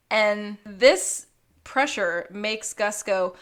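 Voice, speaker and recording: Playful higher-voiced woman podcast co-host. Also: animated, moderate pace, fairly bright tone. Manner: reads her notes aloud, playful quips. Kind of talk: casual chat recapping a TV episode.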